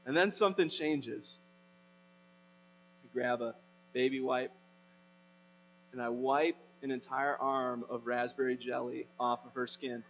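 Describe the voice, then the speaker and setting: A man's voice: mid-range voice, level tone, a little slow, pauses often, a bit bright. A man in his thirties, a pastor, preaching a sermon in a conversational storytelling way that rises to emphatic preaching. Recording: dull, hum, long reverb.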